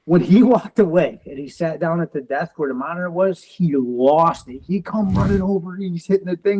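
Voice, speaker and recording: Animated, high-voiced storytelling man. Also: normal speed, hardly any pauses, breathy edge, low-quality recording. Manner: animated storyteller who acts out dialogue, defiant and determined. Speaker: interview guest, military veteran. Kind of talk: conversational storytelling interview.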